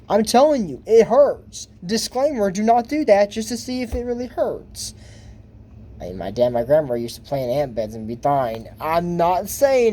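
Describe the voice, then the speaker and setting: A man's voice: sits high, very animated, normal speed, warm tone. A man giving casual, rambling reaction commentary on a cartoon episode for his YouTube channel, laughing at his own jokes.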